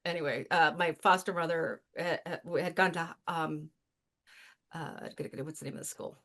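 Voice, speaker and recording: A woman hosting an interview in relaxed, chatty talk. She laughs often, throws in jokey asides and acts out the voices of people she quotes. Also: low voice, unhurried. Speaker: host. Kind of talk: casual interview chat.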